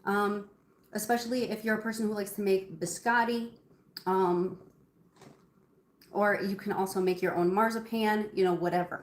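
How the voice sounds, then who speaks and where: A woman's voice: mid-range voice, fairly even intonation, normal speed, pauses often. Chatty woman in an echoey kitchen. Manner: chatty, rambling, many ums, addresses viewers by name. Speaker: cooking livestream host. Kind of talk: casual live cooking chat. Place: home kitchen.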